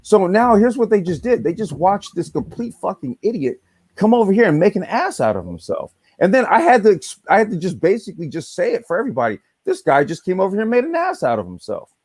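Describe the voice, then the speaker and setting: A man's voice: sits high, huge pitch swings, fast, a little mellow, no echo. A man hosting a casual podcast chat, ranting with exasperation and a lot of profanity. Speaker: podcast host.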